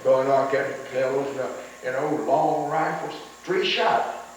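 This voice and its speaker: A man's voice: medium pitch, steady tone, measured pace. An older veteran man tells rambling wartime stories, repeating words and acting out what others said. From United States. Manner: rambling storyteller, repeats words, acts out quotes. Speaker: veteran interviewee. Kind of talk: oral history recollection. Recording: echoey room, distant mic, faint noise.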